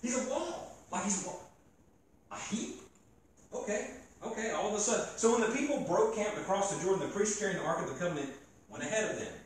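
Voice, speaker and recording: Animated preacher in an echoey hall. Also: male voice, high voice, rapid-fire, distant mic. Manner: animated, joking, talks to the crowd. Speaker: youth preacher. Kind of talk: casual sermon. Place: church gathering hall.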